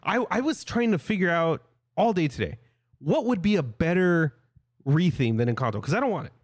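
A young man co-hosting a casual podcast, quick to agree and laugh. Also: sits high, big pitch swings, dry recording, studio quality. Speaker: podcast co-host. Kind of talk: casual chat.

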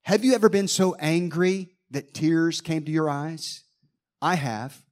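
A man's voice: on the high side, unhurried. A man preaching a sermon, reading scripture verses aloud and explaining them with dramatic emphasis, acting out groans and sighs.

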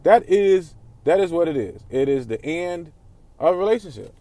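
A man's voice: a little high, animated, moderate pace, dark tone, dry recording. A man vlogging candidly about his feelings, rambling, swearing, and often restarting his sentences. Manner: rambling, profane, restarts a lot. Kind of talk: candid personal vlog.

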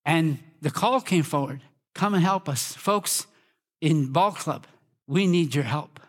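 A guest pastor from Minnesota preaching a lively, fervent sermon to a congregation, leading them in call and response and rising to shouts. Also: male voice, fairly high pitch, slow pace. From Minnesota, USA.

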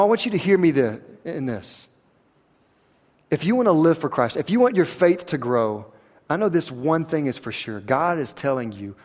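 A man, preaching a sermon that swings between quiet, intense stretches and rising emphasis. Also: high-pitched, in a large hall. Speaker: pastor.

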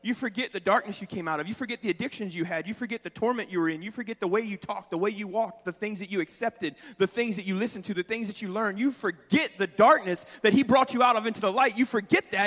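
A man preaching with a very high, bright, forceful voice that echoes around a large church. He swings from hushed, pleading passages into loud, shouted exhortation. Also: fast talker. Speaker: pastor. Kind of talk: sermon. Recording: long church reverb.

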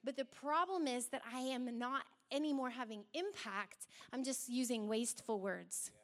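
A young adult woman preaching a sermon in an animated way, acting out quoted voices as she goes. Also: sits high, normal speed.

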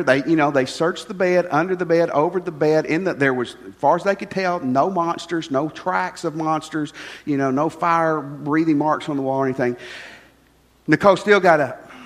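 An older man preaching, his voice sitting a little high for a man. He talks in a folksy, conversational way, asking the congregation questions. The sound carries a long reverb from the church hall. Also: lively intonation, moderate pace. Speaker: pastor. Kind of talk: sermon. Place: church sanctuary.

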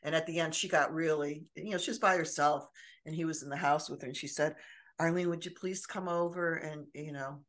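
Older female co-host, earnest rambling storyteller, slightly low pitch. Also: steady tone, brisk, fairly bright tone. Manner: storytelling, earnest, many restarts. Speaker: podcast co-host. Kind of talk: casual chat.

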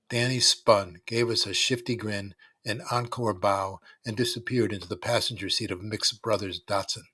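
A man's voice: on the low side, fairly even intonation, moderate pace, hardly any pauses, pushed and bright, husky, no echo. A man reading a first-person story aloud with wry, dry storytelling. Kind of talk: scripted first-person narration.

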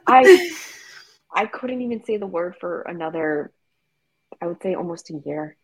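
Gravelly, husky woman telling her story. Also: fairly low pitch, lively intonation, moderate pace, no echo, rough recording. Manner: emotional, frequent fillers like "like". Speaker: interview guest. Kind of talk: candid conversational storytelling.

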